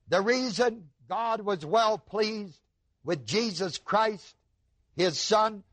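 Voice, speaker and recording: A man delivers a sermon in a fairly high voice, taking his time and leaning hard on key words. He pauses to ask his listeners rhetorical questions. The recording is dry, with almost no room sound. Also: fairly bright tone, no room sound. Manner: slow, emphatic preaching with rhetorical questions to the audience. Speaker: preacher.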